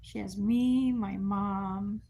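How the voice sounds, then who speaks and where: A woman's voice: medium pitch, fairly even intonation, extremely slow, mellow. An older woman telling family stories on a livestream, laughing often and putting on the voices of her relatives. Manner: firm commands to a dog. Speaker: livestream host. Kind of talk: casual storytelling on a livestream.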